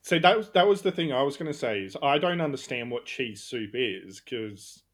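A man's voice: medium pitch, expressive, moderate pace, fairly bright tone. A young man, chatting casually, who laughs often and argues back with some swearing. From Australia. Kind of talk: casual chat.

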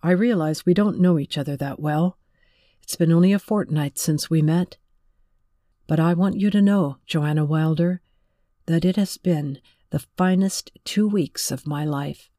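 Narrator doing a restrained tender young man, earnest, slow, mellow and dry. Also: fairly high pitch, no room sound, lightly acted. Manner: earnest, soft-spoken, holding back tears. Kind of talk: audiobook character reading.

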